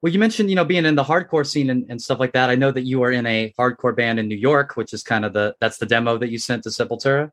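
A man's voice: mid-range voice, quick pace, hardly any pauses, a bit bright. Curious man asking casual questions. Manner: curious, teasing, laughs while asking. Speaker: interviewer.

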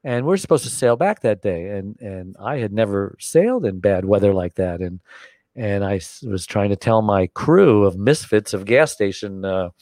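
Older man telling an animated story, dry sound. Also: fairly low pitch, normal speed, dry recording. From United States. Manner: animated, acts out the voices of the people in his story. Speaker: interview guest. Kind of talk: storytelling in conversation.

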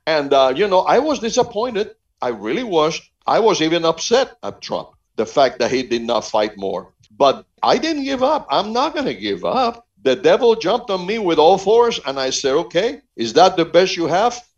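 A man from Cuba talks like a preacher, fervent and emphatic. His voice sits high and swings widely up and down as he hammers home each point. The sound is dull and lo-fi, like muffled remote audio. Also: sing-song, normal speed. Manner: fervent, emphatic, repeats phrases for stress. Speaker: evangelist guest. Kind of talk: preaching-style interview talk.

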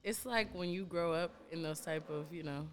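A young woman, a radio personality, telling stories in a casual podcast chat, profane and animated. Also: fairly low pitch, moderate pace.

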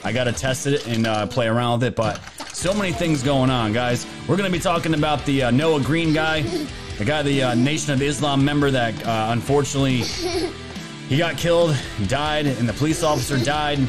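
A man with a mid-range voice hosts a casual political livestream, talking a little fast. He rambles and jokes with plenty of filler words while music plays underneath.

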